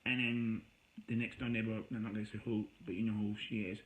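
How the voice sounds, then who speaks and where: A man telling an emotional personal story to camera, agitated and rambling, his voice rising high when he gets worked up. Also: little pitch movement, fairly quick, rough recording. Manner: agitated, rambling, with raised voice when quoting himself; self-described voice that gets high when upset. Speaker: vlogger.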